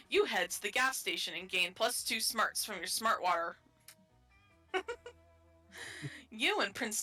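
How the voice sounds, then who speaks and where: Female streamer-narrator, bright tone, playful read. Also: medium pitch. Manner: playful, laughs often. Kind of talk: reading game text aloud on a live stream.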